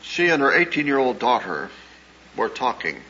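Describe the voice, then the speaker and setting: A man's voice: medium pitch, sing-song, sharp tone. Earnest man preaching on an old recording. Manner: earnest, measured storytelling with hesitations. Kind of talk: sermon-style talk with anecdotes. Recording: dull lo-fi old recording with faint hiss.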